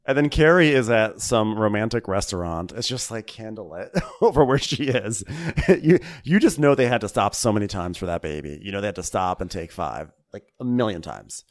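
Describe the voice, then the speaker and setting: Animated male podcast storyteller. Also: fairly low pitch, moderate pace, few pauses. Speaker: podcast co-host. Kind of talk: comedic gossip recap.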